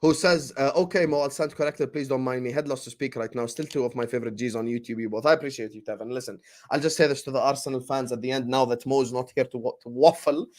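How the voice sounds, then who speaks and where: A man co-hosting a football fan livestream, reading super chats with slangy, animated banter. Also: medium pitch, quick pace, hardly any pauses. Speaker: football show co-host.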